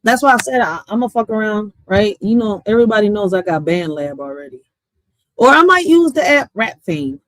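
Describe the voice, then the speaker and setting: A woman's voice: medium pitch, expressive, a little fast, a bit bright, no echo. A woman in her thirties, a poet and streamer, chatting casually to her viewers in a loose, profane way and laughing often. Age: 30s.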